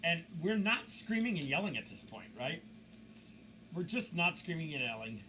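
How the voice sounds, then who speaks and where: A man talks viewers through security camera footage, pointing things out as it plays. His voice sits a little high and swings widely as he tells the story with mocking asides. A steady hiss of background noise runs under the recording. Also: moderate pace. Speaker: video commentator.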